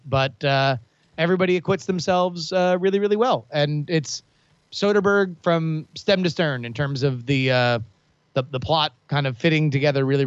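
A man's voice: on the high side, clean tone, no echo, dull audio. A man co-hosting a comedic podcast, talking in a wry, rambling way full of hesitant fillers. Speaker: player and podcast co-host. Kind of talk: casual comedic chat.

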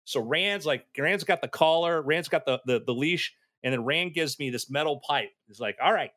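Animated man telling stories. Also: on the high side, moderate pace. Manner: animated, acts out voices in his stories. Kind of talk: casual storytelling chat.

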